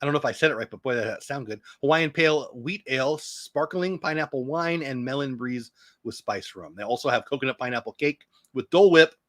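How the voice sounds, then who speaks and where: A man's voice: medium pitch, expressive, fairly quick, fairly bright tone, no echo. Chatty man with a dry sound. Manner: chatty, rambling through long lists, jokes about his own pronunciation. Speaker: show host. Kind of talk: casual morning news chat.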